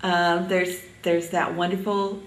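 An older woman from Indiana reminiscing in an oral history interview, halting often with ums. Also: lowish voice, little pitch movement, reverberant, far from the mic, poor audio.

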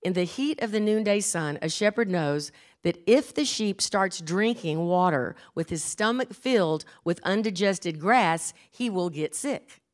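An older woman preaching a sermon in church, earnest and emphatic, slowing down and repeating key phrases. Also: medium pitch, expressive.

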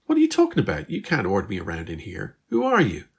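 A man voicing a stubborn, curious teenage girl who keeps asking questions, in a husky voice. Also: low-pitched, huge pitch swings, brisk, a bit bright, heavily acted. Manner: pushy, questioning.

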